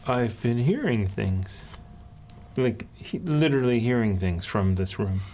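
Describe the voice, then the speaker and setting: A man's voice: medium pitch, animated, a little slow, a little mellow, a little hiss or hum. A man voicing a big, hairy male bugbear, a friendly brute who speaks bluntly and plainly.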